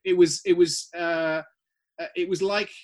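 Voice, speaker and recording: A British man, a guest writer, chatting casually in an interview, animated and full of restarts. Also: high voice, a little slow. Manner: animated, many restarts and repeated words.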